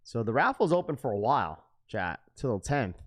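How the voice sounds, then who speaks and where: A man's voice: medium pitch, big pitch swings, fairly quick. A man hosting a sneaker livestream, talking casually to chat in heavy slang. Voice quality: slangy, says "bro" often.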